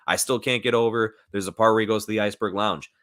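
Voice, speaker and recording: A man with a very low voice talks loosely and at length on a casual live stream, swearing now and then. He reads out chat comments and answers them. He is recorded at home through a new streaming microphone. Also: steady tone, fast, a bit bright. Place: at home, in front of a laptop.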